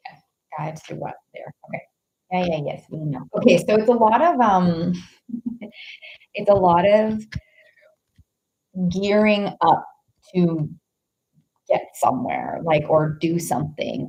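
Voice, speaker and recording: A woman's voice: on the low side, lively intonation, a little slow, long pauses, darkish tone, slightly rough, muffled recording. A woman giving a live-streamed tarot reading, rambling with heavy use of "like" and greeting viewers between thoughts. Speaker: tarot reader.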